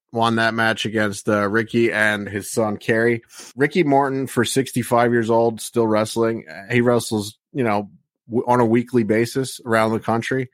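A man reviews wrestling on a casual podcast in a blunt, profane way, peppering his talk with "like" and "you know." His voice sits at a middle pitch and sounds dry and close. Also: dry recording. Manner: blunt, heavy swearing, frequent "like" and "you know".

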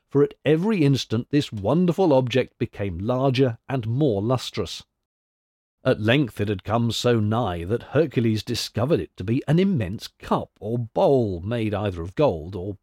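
Measured male storybook narrator, dry sound. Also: medium pitch, darkish tone, no echo. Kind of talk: storybook narration of a classic tale.

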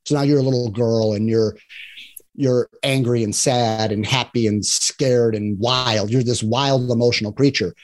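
A man's voice: mid-range voice, darkish tone. A man who works as a divorce and love coach, talking earnestly in a casual podcast conversation, often checking in with "right?". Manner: earnest, explanatory, acts out examples in other voices; frequent "right?" tag questions.

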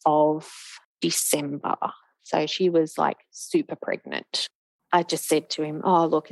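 A woman's voice: deep voice, dry recording, rough recording. A middle-aged woman, a guest telling her own story, acting out the voices of the people in it. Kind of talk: emotional personal storytelling.

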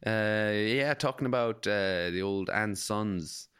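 A man's voice: on the low side, takes it slowly, fairly bright tone, smooth. An Irish man from Galway, co-hosting a podcast and telling a rambling story in casual chat, full of fillers and swearing. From Ireland, Galway. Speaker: podcast co-host.

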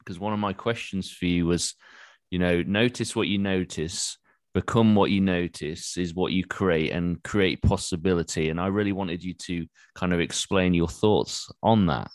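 A man hosting an interview, appreciative and slightly halting as he frames his questions. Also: low voice, no room sound, clean studio sound. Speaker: host.

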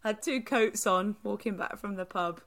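A woman's voice: medium pitch, fairly bright tone. Giggly woman in casual podcast chat. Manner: giggly, quick asides. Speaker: podcast co-host.

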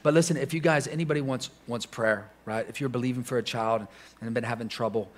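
A man's voice: medium pitch, fairly even intonation, fast. A male pastor wraps up the service, encouraging the congregation and inviting people forward for prayer. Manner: affirming, encouraging. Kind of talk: closing a church service.

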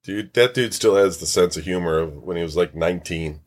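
A man's voice: deep voice, fairly quick. A man co-hosting a podcast in casual chat, laid-back, cursing, filling with "like" and "right". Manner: laid-back, swearing, lots of fillers like "right" and "like". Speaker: podcast co-host.

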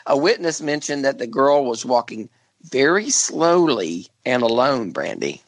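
A man hosting a podcast, telling a true crime case in a casual, jokey way with frequent laughs and halting restarts. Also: medium pitch, very animated, dry recording. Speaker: podcast host.

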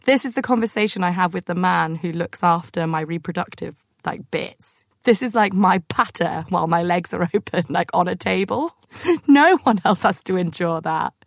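She is a young woman hosting a podcast, sitting a little low in her register. She tells stories with animated, self-mocking humor. The recording is close and dry. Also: normal speed, vocal fry, no echo. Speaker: podcast host. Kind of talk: chatty storytelling.

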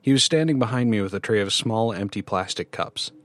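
A man narrating a first-person horror story in a tense, measured way. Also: lowish voice, lively intonation, no room sound.

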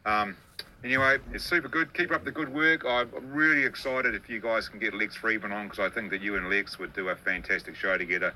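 A man with a New Zealand accent speaks in a friendly, teasing way as he leaves a voicemail message. His tone is sharp and bright. Faint ambient noise sits behind the recorded message. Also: on the low side, fairly quick, poor audio. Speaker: listener leaving a voicemail.

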